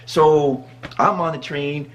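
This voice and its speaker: A man from the Midwest with a notably high voice tells a story to his vlog audience. He talks casually and animatedly, breaking into laughter often. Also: fairly even intonation, slow pace, dull audio, background noise. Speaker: vlogger.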